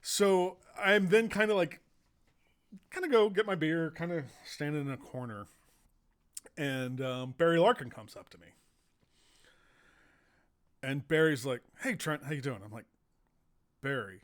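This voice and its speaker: An American man hosting a podcast, telling relaxed, rambling anecdotes full of fillers. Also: on the high side, unhurried, long pauses, clear, resonant tone. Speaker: podcast host and baseball writer. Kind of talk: casual storytelling chat.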